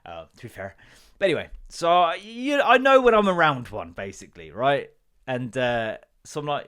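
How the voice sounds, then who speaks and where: A man's voice: medium pitch, big pitch swings, moderate pace, fairly bright tone. A man hosting a comedy podcast, telling rambling, sweary stories and doing the voices of the people in them. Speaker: podcast host. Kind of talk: casual comedic rant.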